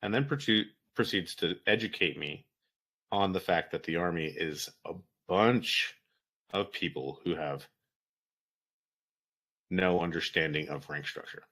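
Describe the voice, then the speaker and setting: A man's voice: low voice, a little slow, pauses often. A man, a military veteran, telling a story in casual, profane talk and acting out the dialogue of the people in it. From United States. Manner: profane, animated, acts out quoted dialogue. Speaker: veteran guest.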